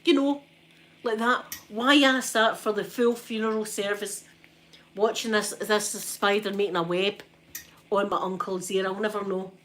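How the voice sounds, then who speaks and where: Slight background noise accompanies a Scottish woman with a mid-range voice who speaks at a measured pace. Streaming ASMR, she casually tells her chat a story, animatedly playing out what others said and asking "right?" a lot.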